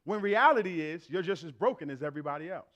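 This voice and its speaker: A man's voice: a little high, animated, fast talker, fairly bright tone, highs cut off. A man in his thirties preaching a sermon, blunt and playful, talking straight to the congregation.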